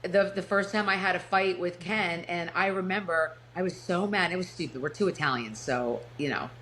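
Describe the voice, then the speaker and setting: A woman's voice: lowish voice, normal speed, a bit bright, a little hiss or hum. A middle-aged woman from New Jersey with a New Jersey accent, a podcast guest and author telling her story in casual chat, laughing often and restarting her sentences.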